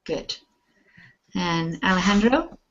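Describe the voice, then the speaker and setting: A woman's voice: on the low side, lively intonation, muffled recording. Patient woman teaching pronunciation. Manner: patient, models words slowly and clearly. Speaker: English teacher. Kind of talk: online pronunciation lesson.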